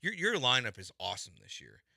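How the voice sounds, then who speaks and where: A man's voice: mid-range voice, big pitch swings, a little fast, vocal fry, pushed and bright, dry recording, clean studio sound. A man co-hosting a sports radio show, chatting casually in a musing way about baseball. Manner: conversational, musing, trailing off.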